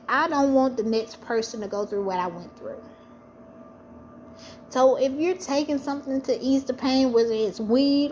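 A woman's voice: fairly high pitch, a little mellow, slight background noise. A woman sharing a personal faith testimony, speaking earnestly and repeating phrases for emphasis.

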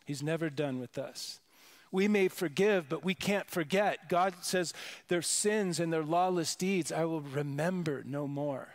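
A pastor preaching a sermon at a church worship service, earnest and emphatic, repeating words and restarting phrases. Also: male voice, on the high side, a little slow.

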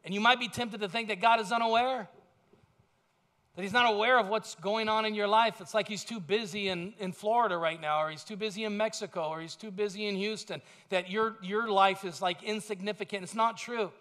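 A male pastor in middle age delivers a sermon, his voice sitting fairly high for a man. He tells stories with energy and acts out other people's shouts along the way. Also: fairly even intonation, brisk. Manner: storytelling, acts out shouted quotes.

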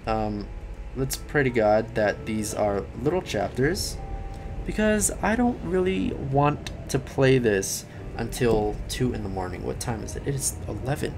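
A tired young man giving late-night game commentary, rambling, swearing and yelling at the game. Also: medium pitch, animated, measured pace, vocal fry, music in the background. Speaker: gaming commentator.

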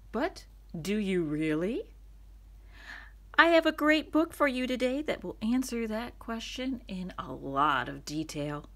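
A woman reading a children's storybook aloud to young listeners, in an expressive storytelling manner. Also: medium pitch, a little slow.

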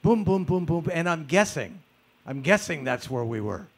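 A man telling personal stories in a lecture, conversational and animated, acting out footsteps with vocal sounds. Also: on the high side, normal speed, gravelly, breathy edge. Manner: conversational, with fillers and repeated starts. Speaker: speaker recounting personal stories. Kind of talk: storytelling lecture.

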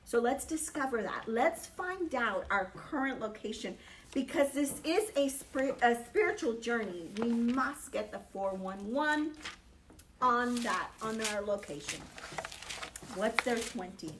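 A fairly high-voiced woman leads a Bible study with lively emphasis and frequent "okay?" check-ins. Her voice sits a little back from the mic, with a faint hiss underneath. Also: a little slow, recorded from a distance. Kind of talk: Bible teaching with a personal story.

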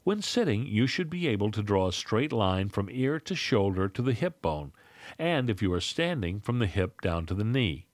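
A man reading a scripted lesson on public speaking in a measured, instructive way. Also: fairly low pitch, big pitch swings, no room sound.

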